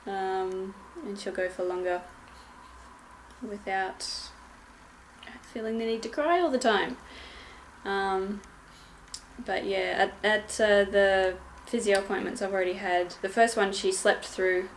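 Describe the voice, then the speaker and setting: Slow, hesitant young mother vlogging. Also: medium pitch, a little hiss or hum. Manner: hesitant, many ums and restarts. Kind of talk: casual vlog update.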